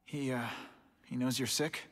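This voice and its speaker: A man's voice: mid-range voice, fairly even intonation, measured pace, fairly bright tone. An actor playing a concerned young male hero who asks hesitant questions in a video game scene. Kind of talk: video game cutscene dialogue.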